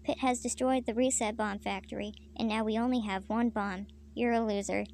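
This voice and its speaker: A woman's voice: a little high, fairly even intonation, moderate pace, vocal fry, a little mellow, a little hiss or hum. A woman reading an irritable, bossy goddess in an annoyed, insulting way.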